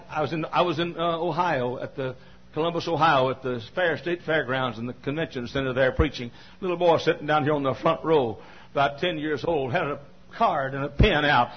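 An older male pastor, telling a personal testimony in a folksy, repetitive sermon style that builds to shouting climaxes. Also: a little high, husky, highs cut off.

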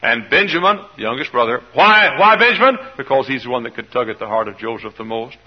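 A man preaching as a pastor, telling a Bible story in an animated way and acting out the people in it. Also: medium pitch, fast talker, husky. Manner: animated storytelling, voices quoted characters. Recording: dull lo-fi old sermon recording.

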